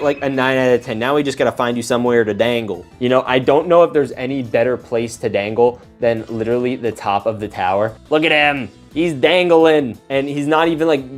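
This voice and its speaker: A young man with a mid-range voice hosts a casual toy unboxing. He talks in an excitable, slangy way, reacting as he builds.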